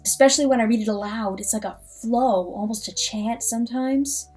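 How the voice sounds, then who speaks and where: A young adult woman with a fairly high voice chats in a relaxed, unscripted way as the host of her reading channel. She sounds eager and animated throughout, and soft music plays faintly behind her. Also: breathy edge. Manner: enthusiastic, animated. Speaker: audiobook reader and channel host. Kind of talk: casual ad-libbed talk.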